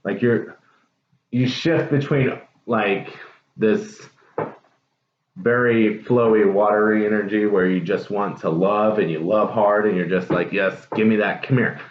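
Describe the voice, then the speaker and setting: A man's voice: on the low side, fairly even intonation, a little slow. A man giving a casual, chatty tarot reading to viewers, with lots of fillers and trailing thoughts. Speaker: tarot reader. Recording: dull echoey room with faint noise.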